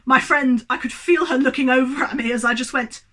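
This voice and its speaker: A woman's voice: high-pitched, steady tone, brisk, bright, forceful tone. A young woman reviewing a movie at home in front of a tripod camera, ranting in an exasperated, worked-up way and swearing freely.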